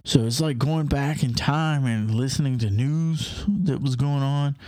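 A man's voice: mid-range voice, unhurried, darkish tone, no room sound. A man talking casually in a rambling, enthusiastic monologue, full of hesitations and restarts.

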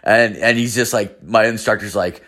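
Brief: young man, lowish voice, rambling profane storyteller. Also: moderate pace, fairly bright tone. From Canada. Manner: profane, rambling, filler-heavy. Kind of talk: casual storytelling.

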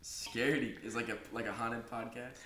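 A young man co-hosting a casual podcast, talking quickly with laughs and hedges. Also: medium pitch, fairly even intonation, sharp tone. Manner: quick, laughing, hedging talk. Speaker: podcast co-host. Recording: echoey room, faint noise.

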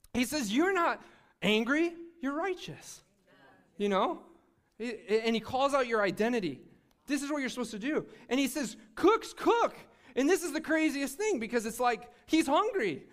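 Animated young male preacher. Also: very high voice, fairly quick. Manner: animated, conversational preaching with frequent restarts. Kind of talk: sermon.

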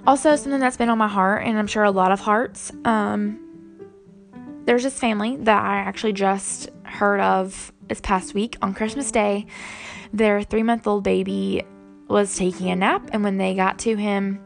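A woman's voice: medium pitch, fairly even intonation, normal speed, creaky, soft background music. A young woman and mother talking casually and earnestly to her viewers, with lots of ums. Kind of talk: casual faith vlog chat.

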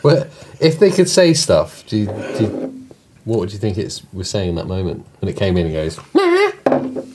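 A man's voice: deep voice, expressive, normal speed, noisy background. A man co-hosting a podcast, teasing his friends and steering the chat along. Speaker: podcast co-host. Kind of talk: casual banter.

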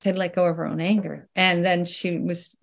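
An older woman talking as an interview guest, in a lively, casual way, laughing often and restarting her sentences. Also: on the low side, normal speed, creaky. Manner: animated, laughs often, many restarts and fillers. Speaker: guest, researcher.

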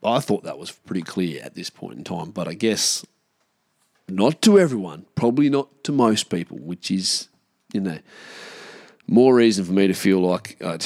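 A man's voice: deep voice, creaky, no echo, clean studio sound. An Australian man hosting a solo podcast, ranting in a blunt, sweary, frustrated way. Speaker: podcast host.

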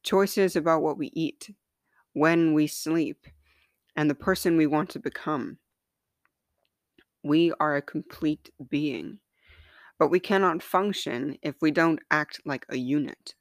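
A woman's voice: low voice, slow pace, pauses often, dry recording, studio quality. A woman voicing the Body as a patient grown woman who firmly coaxes the others to cross into womanhood. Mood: coaxing. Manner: firm, coaxing, reassuring.

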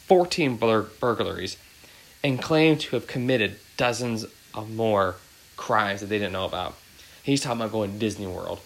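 A man's voice: on the low side, a bit bright, slight background noise, poor audio. Rambling man in his thirties. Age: 30s. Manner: rambling, heavy with fillers like "like" and "um". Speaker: podcast host. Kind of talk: casual podcast chat.

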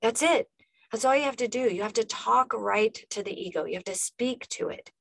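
A woman's voice: fairly high pitch, a little fast, creaky, fairly bright tone, no room sound. A woman life coach giving a motivational podcast monologue, emphatic and talking straight to the listener, repeating punchy phrases.

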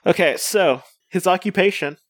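A man's voice: high-pitched, normal speed, no echo. A man co-hosting a podcast in casual chat, rambling with lots of fillers and restarts. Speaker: podcast co-host.

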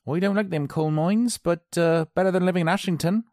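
A man's voice: high voice, a little fast, darkish tone, no room sound, studio quality, voice pushed up. A man voicing a fussy small-town local who complains in a folksy, gossipy way. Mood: grumbling.

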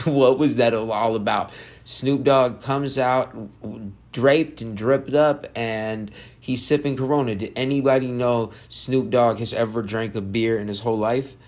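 Man, podcast host, high, rambling, excitable, casual solo rant, mid-pitched voice. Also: measured pace. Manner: rambling, excitable, jumps off topic.

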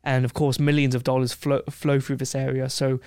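A man's voice: medium pitch, level tone, brisk, darkish tone, clear, resonant tone, dry recording, clean studio sound. A man, from England, telling a cocky travel story in casual talk and acting out the people in it. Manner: brash, cocky storytelling with acted quotes. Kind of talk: casual anecdote.

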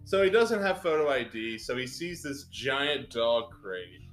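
A man's voice: mid-range voice, very animated, a little slow, a bit bright, soft background music. A man in his thirties co-hosting a casual movie review, retelling the plot with sarcasm and exasperation. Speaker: podcast co-host.

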